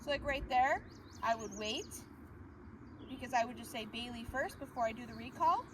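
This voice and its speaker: High-voiced woman dog trainer outdoors. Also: moderate pace. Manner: explains calmly, then high excited calls to the dog. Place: outdoors on a walk. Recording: distant mic with outdoor noise.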